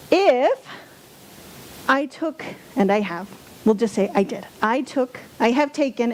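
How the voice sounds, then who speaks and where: A woman's voice: a little high, a little mellow, slight background noise. A woman giving a sermon as a spiritual speaker, candid and self-deprecating, sometimes mocking her own angry outbursts.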